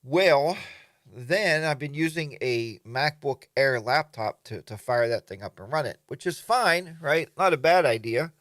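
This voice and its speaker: A man's voice: mid-range voice, animated, a little slow, fairly bright tone, dry recording. A man hosting a casual morning livestream from his home studio, greeting viewers by name and rambling along with plenty of fillers. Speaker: livestream host.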